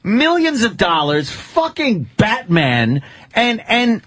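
A man's voice: high voice, huge pitch swings, slow pace, fairly bright tone, breathy edge. A man co-hosting a radio talk show in casual banter, ranting in a profane, emphatic way.

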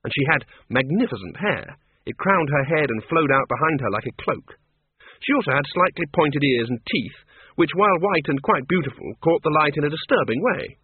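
A man's voice: a little high, animated, normal speed, slightly rough, no echo. A man narrating a story with dry, wry timing. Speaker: audiobook narrator. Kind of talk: scripted narration. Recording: tinny radio broadcast.

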